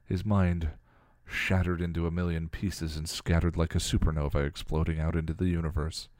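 A man co-hosting a podcast and reading fan fiction aloud with a dramatic, expressive delivery. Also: deep voice, normal speed, no room sound, studio quality. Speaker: podcast co-host.

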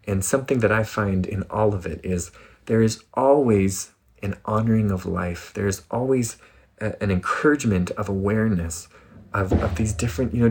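A man giving a casual spiritual talk in an animated, playful way, often laughing. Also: lowish voice, slightly rough. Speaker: spiritual speaker.

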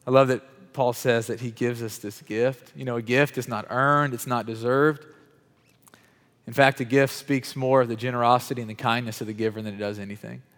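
A man giving a sermon in a conversational way, calling on people in the room by name and building louder on key points. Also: medium pitch, steady tone, a little fast. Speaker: pastor. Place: church hall with chairs. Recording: reverberant hall, at times off mic.

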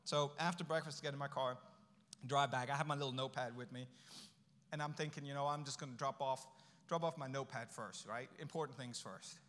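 A man's voice: mid-range voice, fairly even intonation, brisk, a bit bright. A middle-aged man giving a guest sermon in a church, telling a personal story in a conversational way and acting out the dialogue. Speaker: guest speaker. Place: church sanctuary. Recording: long hall reverb.

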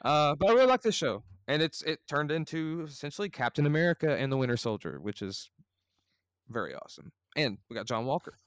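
A man chatting casually on a podcast, excitable and full of "like"s. His voice is smooth and resonant. The sound is dry and close to the mic. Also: on the high side, fairly quick, dry recording. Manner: excitable fan, lots of "like". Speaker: podcast co-host. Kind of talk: casual chat.

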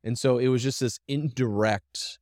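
A man's voice: mid-range voice, steady tone, normal speed, darkish tone, no echo, clean studio sound. A man co-hosting a podcast, talking casually and directly, rambling with frequent restarts. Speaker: podcast co-host. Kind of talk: casual conversation.

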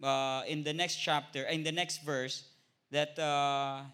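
A man with a Filipino accent leads an informal Bible study with a fairly high, bright, sharp voice. He talks in halting stretches, filling gaps with "uh" and checking in with a quick "no?". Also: fairly even intonation, clear, resonant tone. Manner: hesitant, many filler "uh"s and tag "no?".

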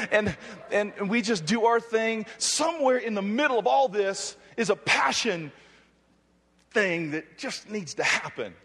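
Animated, shouting preacher from Hawaii. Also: male voice, high-pitched, a little slow, husky. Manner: animated, shouting, joking, restless. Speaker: youth conference speaker. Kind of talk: energetic preaching. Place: large hall with audience. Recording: long hall reverb.

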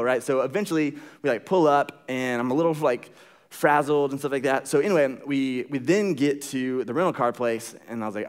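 A man's voice: medium pitch, fairly quick. Young guy pastor telling a funny story, lots of likes, acts out the quotes. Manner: animated storyteller, acts out quotes, many fillers. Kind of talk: sermon with a personal story.

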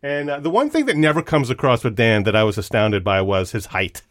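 Male podcast co-host, joking and enthusiastic, medium pitch. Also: animated, brisk, a bit bright. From United States. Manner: jokey, enthusiastic, chatty. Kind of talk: casual chat.

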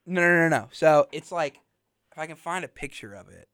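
A man's voice: a little high, animated, a little fast, fairly bright tone, smooth, no room sound. A young man hosting a college radio podcast, chatting casually in a small studio and rambling with lots of fillers. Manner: rambling, filler-heavy, laughs often. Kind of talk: casual chat.

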